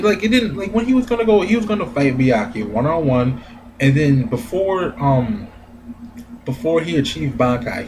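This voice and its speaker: A man giving a casual, profane anime review rant, animated and laughing often. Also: a little high, background noise. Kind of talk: casual ranting commentary.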